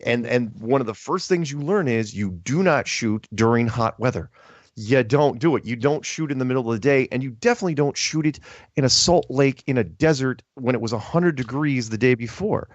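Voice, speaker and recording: A man chatting casually, telling an animated story that is full of restarts and quoted lines. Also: mid-range voice, a little fast, dry recording. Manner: animated storytelling, quoting others, many restarts. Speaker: podcast host. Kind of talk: casual chat. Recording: dull lo-fi audio.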